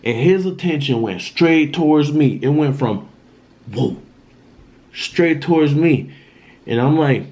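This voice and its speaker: A man's voice: a little high, expressive, takes it slowly, long pauses, a little mellow. A man telling a dramatic story in a casual storytime vlog, in loose slang, often repeating himself. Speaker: vlogger.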